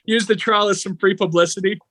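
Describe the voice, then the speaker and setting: A man's voice: high-pitched, a little fast, no room sound. A man co-hosting a podcast, telling stories in casual banter and acting out quotes with frequent laughter. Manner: laughing, animated storytelling with acted-out quotes. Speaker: podcast co-host.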